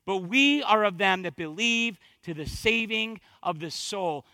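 Fervent high-voiced male preacher. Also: measured pace, few pauses, no room sound, clean studio sound. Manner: fervent, swinging between loud emphatic exhortation and hushed intensity; repeats phrases for emphasis. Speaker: pastor. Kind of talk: sermon.

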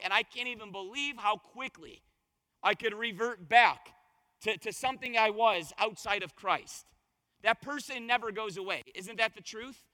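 A man preaching a conversational sermon as pastor, his voice a little hoarse, telling stories and asking the congregation questions. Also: sits high, sharp tone, in a large hall. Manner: conversational, storytelling with rhetorical questions. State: slightly hoarse voice.

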